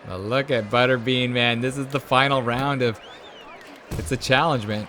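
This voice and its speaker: A man hosts a let's-play, commentating on a video game in a casual, excitable style, cheering at the screen and going hushed when things get tense. His voice sits at a medium pitch and moves a little slowly, with a noisy background behind him.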